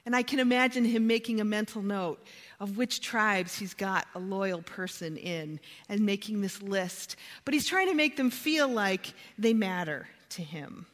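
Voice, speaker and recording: A woman preaching a sermon, retelling a story with dramatic swings in pitch and volume. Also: a little slow, a bit bright. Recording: long hall reverb.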